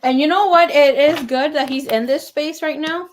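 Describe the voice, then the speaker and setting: A woman's voice: sits high, moderate pace, slight background noise. Woman doing a tarot reading live, chatty, kinda rambly, lots of ums. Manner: chatty, rambling, with fillers and self-corrections. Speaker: tarot reader.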